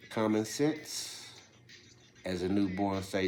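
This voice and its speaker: Deep, slow man firing rhetorical questions. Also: expressive, a little hiss or hum. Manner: fires off rhetorical questions, swinging between loud bursts and hushed whispers. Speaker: speaker delivering a monologue. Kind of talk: preachy rhetorical monologue.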